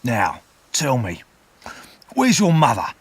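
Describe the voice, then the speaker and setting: A rough escaped convict growls out demands in a husky, threatening voice, put on by a man reading the story. The delivery is hard and barking, with his pitch swinging around. The recording is dry and close. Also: huge pitch swings, slow, dry recording, heavily acted. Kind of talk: audiobook character voice.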